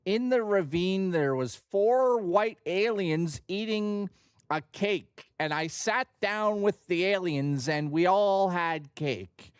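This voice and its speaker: A man doing an impression of a dreamy, eccentric older film director, speaking slowly and matter-of-factly about absurd things. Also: sits high, clean tone, dry recording, studio quality, voice pushed up.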